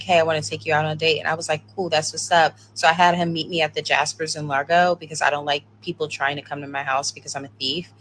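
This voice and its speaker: A woman's voice: low voice, a bit bright, a little hiss or hum. A woman telling a brash, unapologetic dating story in a casual way. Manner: brash, unapologetic, quotes people.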